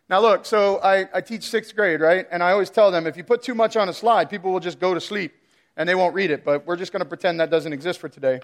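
A man with a fairly high voice delivers a sermon. He laughs often and acts out his pets' voices in playful asides. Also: quick pace. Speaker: preacher.

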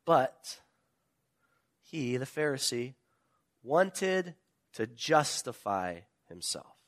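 A male pastor preaching a sermon, retelling a parable with animated storytelling and emphatic questions. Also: medium pitch, very slow.

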